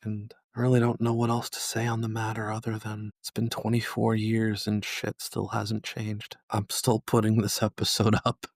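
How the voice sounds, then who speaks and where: A man in his thirties from New York hosting a podcast, slowly and solemnly recalling a painful day, with flashes of anger. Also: fairly low pitch, monotone, no echo. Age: 30s. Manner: solemn, slow and measured with angry emphasis. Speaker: podcast host. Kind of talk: personal reflective monologue.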